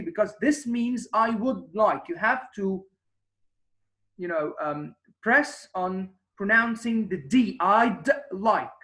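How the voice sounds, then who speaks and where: A man's voice: high-pitched, fairly bright tone. A man teaching a beginners' English conversation lesson. He often hesitates and restarts, then stresses the example phrases he is teaching. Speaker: English instructor. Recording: echoey room.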